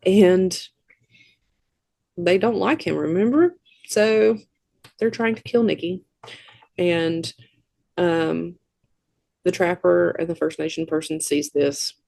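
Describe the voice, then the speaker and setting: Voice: mid-range voice, takes it slowly, gravelly, pauses often, dry recording. A podcast co-host chattily recapping a film scene by scene, tossing in wry asides. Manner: chatty, animated storytelling with asides. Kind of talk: casual movie recap.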